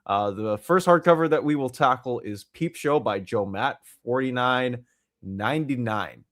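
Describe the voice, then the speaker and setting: A man hosts a podcast in easy, casual chat. He reads comic titles and prices one after another, often pausing on an "uh." His voice sits at an ordinary pitch and sounds dry and close, with no room behind it. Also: a bit bright, no echo. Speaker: podcast host.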